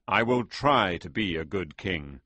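A man voicing a grateful, solemn young king in a storybook reading, speaking slowly and formally. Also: low-pitched, animated, pushed and bright, no room sound, full character voice.

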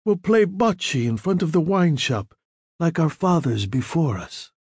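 A man's voice: extremely high pitch, lively intonation, extremely slow, gravelly, mellow, breathy edge, no room sound, studio quality, pitched above the performer's own voice, full character voice. A man reading a book aloud, voicing a grave, comforting old crime boss.

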